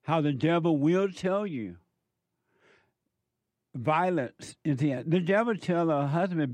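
A man giving an impassioned spiritual monologue, emphatic and repetitive, slowing down to stress his points. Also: on the high side, animated, a little mellow, no room sound. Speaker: speaker preaching about the devil.

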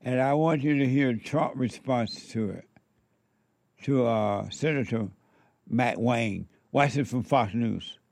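A man's voice: mid-range voice, slow, creaky, darkish tone, no echo. A man giving commentary, drawing out words with sermon-like emphasis. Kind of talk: slow, preachy commentary.

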